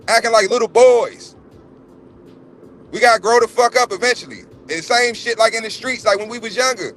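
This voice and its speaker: Man, blunt and profane, ranting hard on a livestream call; high, bright, hammering his points. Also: fairly quick. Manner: profane, blunt, emphatic, repeats himself. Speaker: livestream panelist. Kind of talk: heated casual rant. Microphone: remote livestream call.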